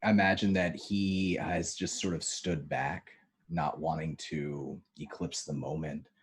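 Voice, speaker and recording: A man narrating his character's actions in a tabletop role-playing game. He speaks gently and at a measured pace, with a few small fillers. His voice is extremely deep and very husky. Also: steady tone. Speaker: player. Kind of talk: casual role-play narration.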